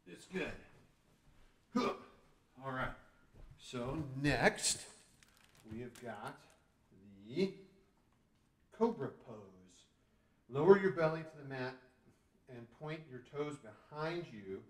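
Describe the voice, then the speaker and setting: A man's voice: mid-range voice, lively intonation, slow, pauses often, far from the mic. A man, a dad, reading a storybook to children, groaning and joking as he tries each pose. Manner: goofy, groaning and joking while doing the poses. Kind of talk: playful storytime with exercises. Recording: roomy echo, voice a bit off-mic.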